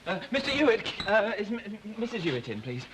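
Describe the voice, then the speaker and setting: An actor playing a cheeky young chancer with a Northern English accent, speaking in a quick, wheedling way. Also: male voice, high-pitched, very animated. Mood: scheming. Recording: noisy old TV recording with crowd.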